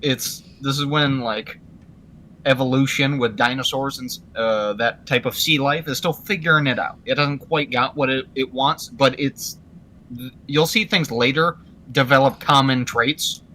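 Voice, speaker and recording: A man's voice: medium pitch, unhurried, pushed and bright, a little hiss or hum. A man chatting casually on a podcast, rambling and searching for words with many fillers. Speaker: podcast co-host. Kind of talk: casual chat.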